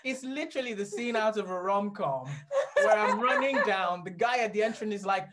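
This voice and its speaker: A man telling a story as a guest in a casual chat, rambling and animated, often laughing as he talks. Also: high voice, brisk, heavy background noise.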